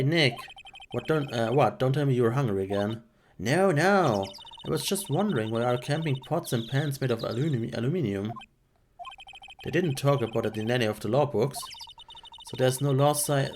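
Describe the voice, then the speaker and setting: A man's voice: medium pitch, background noise. A man streaming a game, reading the lead's lines in a dry, wry voice. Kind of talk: reading game dialogue aloud.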